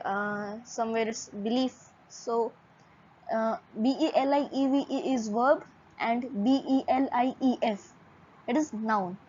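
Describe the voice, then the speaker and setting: A woman teaching English vocabulary in a measured lesson, listing words one by one and spelling some out letter by letter. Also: fairly high pitch, a little mellow, muffled recording.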